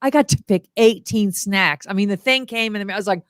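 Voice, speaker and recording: A woman's voice: medium pitch, a little fast, no room sound, clean studio sound. A middle-aged woman, a motivational humorist, chatting as a guest over a video call and acting out quotes in voices. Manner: animated storyteller, acts out quotes in voices. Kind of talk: casual interview chat.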